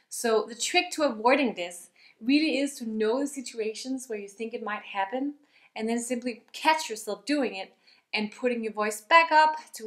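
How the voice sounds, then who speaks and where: A young woman teaching vocal health in a lively, upbeat way, talking straight to her viewers. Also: medium pitch, echoey room. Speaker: singing teacher.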